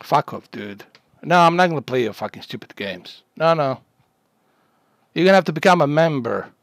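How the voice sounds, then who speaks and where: A Bosnian-born streamer man tears into a troll in his chat with steady aggression. His voice sits somewhat high for a man. The sound is dry and close, with no room around it. He swears constantly and keeps issuing threats. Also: moderate pace, dry recording. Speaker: livestreamer. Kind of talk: angry livestream rant at a chat troll.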